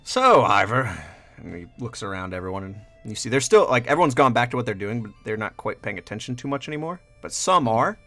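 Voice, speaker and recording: A man narrating a tabletop game as game master, in a loose, lively storytelling manner. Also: mid-range voice, quick pace, few pauses, no echo, faint music behind.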